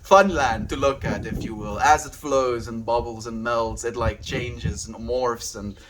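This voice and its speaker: A man's voice: medium pitch, steady tone, unhurried, crowd noise. Laid-back rambling male streamer. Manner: laid-back, rambling, warmly thanks viewers by name. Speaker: daily livestreamer. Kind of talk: casual livestream chat with viewers.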